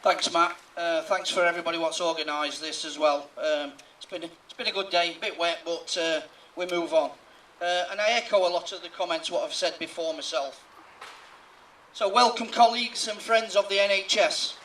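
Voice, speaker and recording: A man's voice: a little high, moderate pace, a bit bright, reverberant, distant mic, a little hiss or hum, poor audio. A man, a trade union rep giving a plain-spoken rally speech. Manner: plain-spoken, building to firm demands. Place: outdoor street rally.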